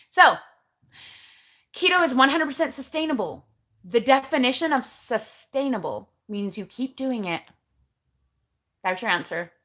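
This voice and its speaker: A middle-aged woman talks casually to her livestream viewers, recorded on her phone. Her voice is bright and clear, and her manner is chatty and blunt, full of eye-rolling asides. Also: fairly high pitch, sing-song, normal speed, long pauses. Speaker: keto vlogger.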